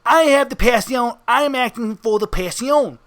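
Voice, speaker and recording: A man's voice: very high voice, moderate pace, a bit bright, voice pushed up. A man voicing a brash, theatrical male mobster henchman who talks tough and calls people son. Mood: pushy. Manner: tough-guy street talk, calls everyone son.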